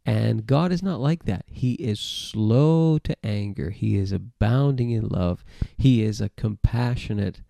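Male preacher, gravelly and mellow, conversational sermon delivery with restarts, dry close sound. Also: fairly low pitch, a little slow, no echo. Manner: conversational, repeats words and restarts. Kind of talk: sermon-style Bible teaching to camera. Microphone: camera mic, close.

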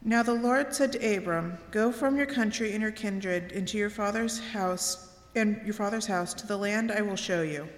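Female scripture reader, measured and steady, roomy church with long reverb. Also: medium pitch. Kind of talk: scripture reading. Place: church sanctuary.

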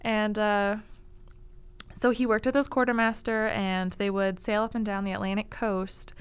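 A woman's voice: medium pitch, flat delivery, moderate pace, smooth. A young woman casually telling a history story on a library podcast, laughing often and saying like and um a lot. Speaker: library staff guest presenting book picks.

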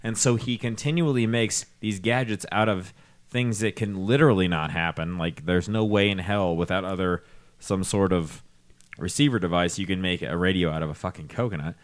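A man in casual comedic chat with friends, rambling through crude theories, swearing freely and slipping into quick acted-out bits. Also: sits low. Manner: profane, rambling, acts out characters in bits.

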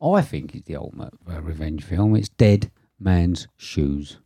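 A man co-hosting a podcast talks loosely and bluntly, swearing freely between his thoughts. His voice is very dark and mellow and sits a little low. The sound is dry and close, with no room around it. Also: animated, a little slow, husky, dry recording. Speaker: podcast co-host. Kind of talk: casual chat.

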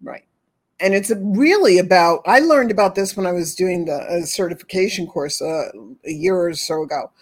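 With a fairly low voice at a moderate pace, an animal communicator talks as a guest in casual conversation. She describes her work earnestly, repeats herself, and acts out pitying voices.

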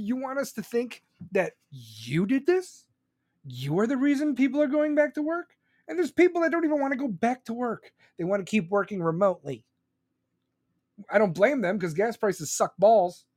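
A man's voice: high-pitched, a little mellow, no echo, studio quality. A man ranting angrily and sarcastically about politics in a profane, live-stream commentary style.

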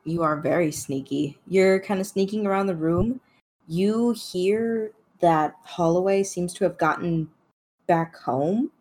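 A woman narrating as game master of a tabletop game, in a slow, relaxed way. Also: on the low side.

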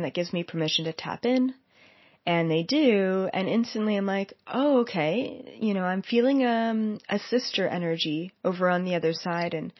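A woman tells a story in a casual, animated way and throws herself into the quoted lines. Her voice sits in the middle register for a woman. The recording is dull and lo-fi, with a dry, close sound. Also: medium pitch, no room sound. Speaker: psychic medium.

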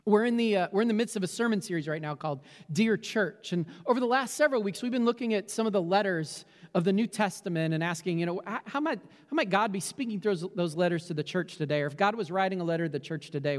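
A man's voice: sits high, animated, fast, in a large hall. A middle-aged man, a pastor, praying and preaching earnestly, often repeating words as he restarts. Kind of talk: prayer and sermon. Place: church sanctuary with candles behind him.

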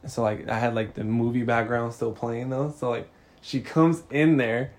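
A man's voice: medium pitch, flat delivery, moderate pace. A man in his twenties, a podcast co-host, telling a story in casual slang with lots of swearing and laughter.

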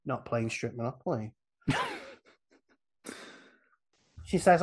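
A man in a relaxed podcast chat, eagerly recounting a film scene by scene. He slips into quick voices for the characters and breaks into laughter along the way. His voice sits at an ordinary middle pitch. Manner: animated plot recap, acts out the characters' lines, laughs often. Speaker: podcast guest retelling a film.

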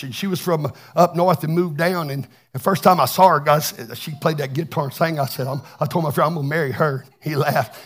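Older male pastor, husky high voice, fervent sermon with shouted peaks. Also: steady tone, brisk, few pauses. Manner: fervent, shouting in bursts, chatty asides. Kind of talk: Pentecostal sermon.

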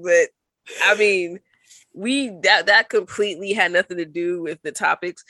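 A woman's voice: lowish voice, normal speed, vocal fry, pushed and bright, no room sound. A young woman co-hosting a sports podcast, chatting casually and rambling with playful laughs. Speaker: podcast co-host.

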